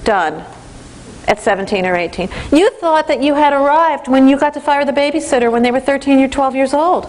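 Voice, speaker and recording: A woman giving a parenting training lecture in an animated way, acting out the voices of teens and parents. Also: sits high, brisk, a little hiss or hum.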